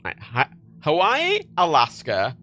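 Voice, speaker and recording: A man's voice: on the high side, wildly swooping pitch, slow pace, pushed and bright, soft background music. A young man with a Liverpool accent, rambling and swearing casually on a livestream while reading chat, laughing often. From England.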